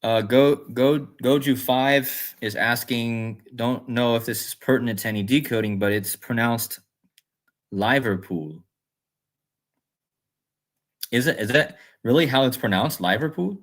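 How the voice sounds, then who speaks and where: A man's voice: medium pitch, moderate pace, hardly any pauses. Man musing aloud on a livestream. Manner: rambling, musing aloud, reads chat comments. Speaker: livestream host. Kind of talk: casual livestream talk.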